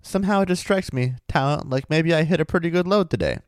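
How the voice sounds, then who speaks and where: A rough, cheerful old prospector with a rustic drawl, needling an old acquaintance with sly hints, as a man puts him on. The voice sits a bit higher than plain talk. Dry, close sound. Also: fast, dry recording, close to an everyday voice. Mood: sly, folksy. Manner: folksy drawl, teasing and sly.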